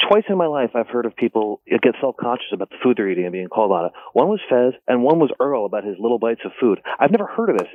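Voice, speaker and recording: A man's voice: mid-range voice, sing-song, fast, hardly any pauses, no echo. A male caller chatting amused with a radio host over a tinny phone line.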